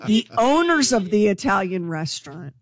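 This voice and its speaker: A woman co-hosting a morning radio show, telling a news story to her co-hosts in an excitable, gossipy way. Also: lowish voice. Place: radio studio.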